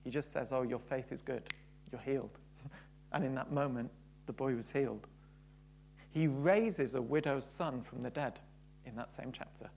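Man preaching, gets fervent, repeats stuff, mid pitch, bit of hum behind. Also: normal speed, gravelly, pauses often, darkish tone. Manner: builds to fervent emphasis, repeats phrases. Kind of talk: sermon.

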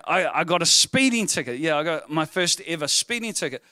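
A male pastor, preaching a sermon through humorous, animated personal stories. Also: on the high side, brisk, no room sound, studio quality.

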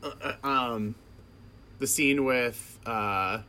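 A man in casual chat about a film, hesitant and halting with fillers. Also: mid-range voice, pushed and bright, clear, resonant tone. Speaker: podcast co-host.

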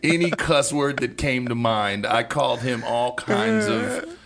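A man's voice: mid-range voice, sing-song, unhurried, vocal fry, fairly bright tone. A man co-hosting a casual radio chat show, telling stories animatedly and acting out both sides of phone calls. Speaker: co-host. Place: radio studio.

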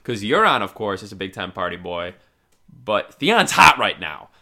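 A man co-hosting a comedy podcast, talking loud and profane and laughing often. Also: on the low side, sing-song, moderate pace. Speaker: podcast co-host. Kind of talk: casual comedic chat.

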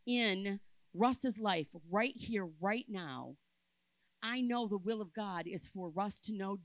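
Gravelly-voiced woman preaching a sermon. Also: mid-range voice, no room sound, low-quality recording. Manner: expressive, swings between loud emphasis and soft quiet storytelling. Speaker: speaker at a church camp. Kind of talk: sermon with storytelling.

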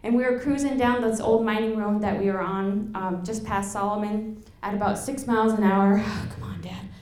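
A young woman from Alaska telling a lively personal story to an audience, laughing and acting out the quotes. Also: medium pitch, normal speed. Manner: animated, laughing, acts out quotes. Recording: echoey room.

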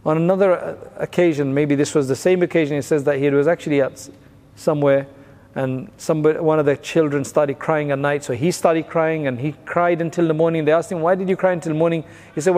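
A man's voice: on the high side, fairly even intonation, quick pace, darkish tone, in a large hall. A man giving a recorded religious class, explaining old narrations plainly and mixing in Arabic phrases. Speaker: religious teacher.

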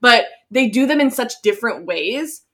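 A woman's voice: on the high side, animated, normal speed, fairly bright tone. A young woman co-hosting a podcast, chatting casually with lots of filler words. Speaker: podcast co-host. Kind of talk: casual chat recapping a show.

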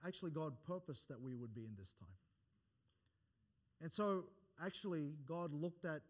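An expressive, higher-pitched man preaches at a moderate pace in church. His points build with rising emphasis and scripture comes in old-fashioned wording, with frequent restarts and repeated words between points.

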